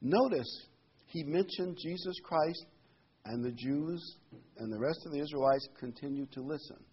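Husky man teaching from scripture. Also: on the high side, a little slow. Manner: reads scripture aloud, then explains in casual asides. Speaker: Bible teacher. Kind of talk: Bible study sermon. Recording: dull lo-fi recording.

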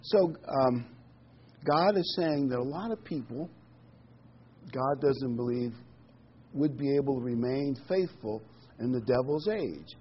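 A man's voice: mid-range voice, lively intonation, measured pace, long pauses, slightly rough, lo-fi sound. A middle-aged man giving a casual sermon, reading scripture and musing aloud with frequent ums and restarts. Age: middle-aged or older. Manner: conversational, rambling, many ums and restarts. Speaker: preacher.

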